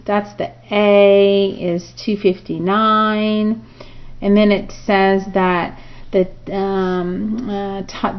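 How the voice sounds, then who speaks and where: Unhurried woman teaching math, muffled recording. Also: medium pitch. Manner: talks through steps aloud, frequent "okay" and "right?". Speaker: math instructor. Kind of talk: recorded review lesson.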